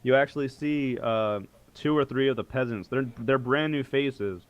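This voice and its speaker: A man's voice: medium pitch, moderate pace, lo-fi sound. A man narrating as game master in a casual tabletop game, laughing often as he goes.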